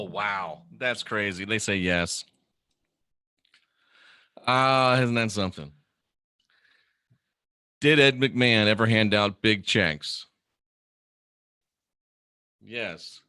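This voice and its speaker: Bright-voiced man hosting a livestream. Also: medium pitch, clear, resonant tone, dry recording, clean studio sound. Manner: musing, reads viewer comments aloud. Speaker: livestream host. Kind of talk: casual livestream chat reading comments.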